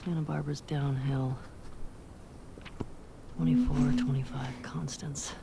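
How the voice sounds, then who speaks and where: A video game character mutters quietly to themselves in a gravelly voice, played by an actor. It is heard as game audio under a stream, with loud noise behind it. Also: mid-range voice, little pitch movement, unhurried. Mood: muttering.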